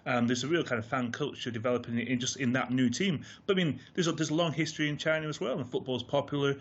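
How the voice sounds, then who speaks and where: A man speaking as a football pundit on a radio phone-in. He talks in a measured way, stopping for fillers as he thinks. His voice comes through a dull, muffled remote line. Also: mid-range voice.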